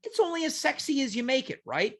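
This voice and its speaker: A man's voice: extremely high pitch, sing-song, fast talker, fairly bright tone. A man hosting a talk show over a video call, chatting casually and slipping into hammy announcer bits for jokes. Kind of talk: casual comedic chat.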